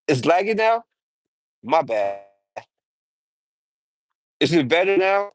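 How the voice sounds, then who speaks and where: A young man chats on his stream from a garage, loose and slangy, bursting into little impressions. His pace is unhurried and his pitch swings widely with excitement. The sound is dry, with no room echo. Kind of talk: casual stream chat.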